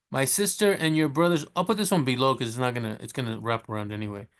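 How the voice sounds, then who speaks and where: Chatty man teaching Spanish. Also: mid-range voice. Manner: chatty, self-correcting, laughs at his slips; slows down to sound out the Spanish words. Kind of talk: casual screen-share lesson.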